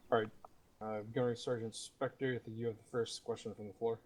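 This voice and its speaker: A man commanding a military sim unit, leading a mission debrief over game voice chat in a steady, matter-of-fact manner. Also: mid-range voice, fast talker, a little hiss or hum, low-quality recording. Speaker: commanding officer running the debrief.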